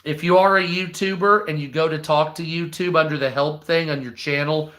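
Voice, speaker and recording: A man's voice: a little high, steady tone, fairly quick, pushed and bright. A man hosting a live stream, ranting in a rambling, profane, mocking way. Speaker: live stream news host. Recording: echoey room.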